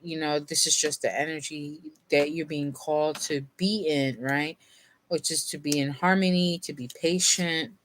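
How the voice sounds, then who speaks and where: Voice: medium pitch, steady tone, moderate pace, a little hiss or hum. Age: unknown. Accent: none. Role: tarot reader. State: sleepy, yawning. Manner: rambling, casual, reads from a guidebook at times. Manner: rambling, self-interrupting, with laughs and fillers; reads card meanings from a guidebook aloud. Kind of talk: casual tarot reading to camera.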